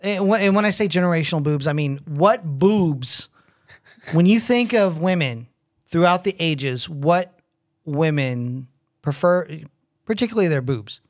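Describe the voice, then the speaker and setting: A middle-aged man co-hosting a casual podcast, swearing freely and telling animated stories. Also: a little high, unhurried. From United States. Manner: crude, swears a lot, animated storyteller. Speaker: podcast co-host. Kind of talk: casual chat.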